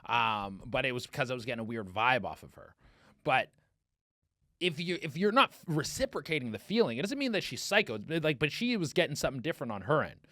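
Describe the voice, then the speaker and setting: A man's voice: medium pitch, sing-song, brisk, bright, forceful tone, no room sound, studio quality. A man hosting a casual comedic podcast, telling rambling dating stories full of swearing and fillers, and acting out the people he quotes. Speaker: podcast host.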